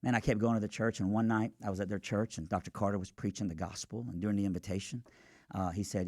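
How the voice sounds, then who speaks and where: Man, lowish voice, animated, earnest storytelling, radio guest, dry studio mic. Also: no echo. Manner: animated, earnest, quick asides. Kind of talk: storytelling testimony.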